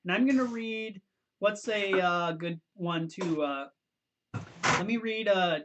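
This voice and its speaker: A man's voice: high voice, slow, fairly bright tone. Young man, youth pastor host, casual and stumbling, noisy livestream audio. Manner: loose and chatty, stumbling restarts, laughs easily.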